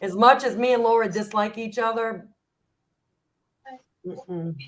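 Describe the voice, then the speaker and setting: A woman's voice: a little high, unhurried, a little hiss or hum, poor audio. A woman who is a guest on a livestream panel and chats casually, laughing easily. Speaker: panel guest, fellow streamer.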